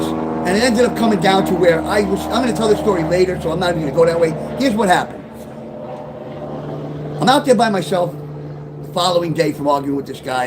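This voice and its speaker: Over background noise, a middle-aged man with a high voice recounts his own life as an author's testimony, wandering off track, cursing and bursting into tears.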